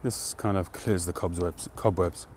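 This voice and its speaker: Low-voiced man chatting on a livestream. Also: a little slow, a little hiss or hum. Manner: relaxed, rambling, greets viewers by name. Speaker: pipe-smoking livestream host. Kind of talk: casual live-stream chat.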